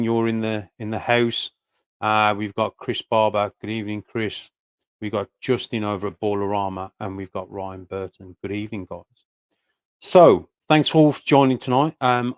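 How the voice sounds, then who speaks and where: Brief: British male live-stream host, lowish voice, chatty and rambling. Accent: British English. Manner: chatty, rambling welcomes with many fillers. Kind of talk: casual live-stream chat.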